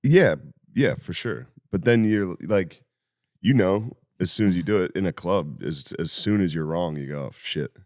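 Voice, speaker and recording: A man on a podcast tosses in laid-back, joking asides. His voice sits low and easy. He comes in off to the side of the conversation. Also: lively intonation, normal speed, a little mellow, dry recording, studio quality. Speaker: podcast co-host. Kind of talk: casual podcast chat.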